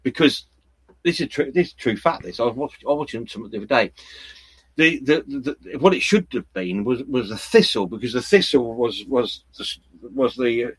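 A man's voice: medium pitch, brisk, slightly rough, rough recording. A man in casual chat, telling rambling stories with many restarts.

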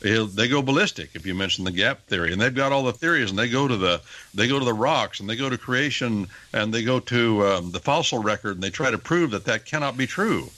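This older man, a guest on a radio talk show, delivers Bible teaching in a brisk, mid-range voice. His tone is emphatic and lecturing, animated with rising stresses. There's no echo, but the audio is poor.

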